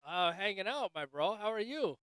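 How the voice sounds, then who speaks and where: A man's voice: high voice, lively intonation, normal speed, fairly bright tone, clear, resonant tone, no echo. A man hosting a casual livestream chat, joking loosely and swearing, calling everyone dude and bro. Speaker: livestream host. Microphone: desk microphone.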